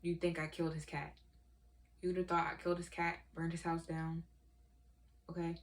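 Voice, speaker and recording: A woman's voice: fairly low pitch, monotone, normal speed. A woman ranting in a vlog, profane, heated and exasperated as she tells her story. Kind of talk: emotional rant vlog.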